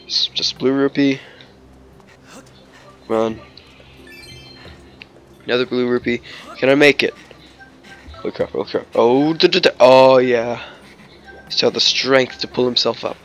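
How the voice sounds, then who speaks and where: A man of middle pitch talks over his gameplay in a loose, chatty ramble, tripping over his sentences and filling gaps with "like" and "uh". He cracks jokes and slips into bits of song, while faint music plays behind him. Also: fairly even intonation, slow pace, pauses often, fairly bright tone, dull audio. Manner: rambling and chatty, full of "like" and restarts; jokey, breaks into snatches of song and silly voices. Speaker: let's play host. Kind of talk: casual gameplay commentary.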